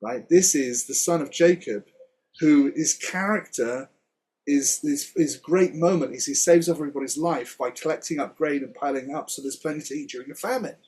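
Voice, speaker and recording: Husky man chatting through a Hebrew lesson. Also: fairly high pitch, moderate pace, a little mellow. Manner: chatty, laughs often, explains word by word. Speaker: Hebrew teacher. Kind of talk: casual Torah study chat.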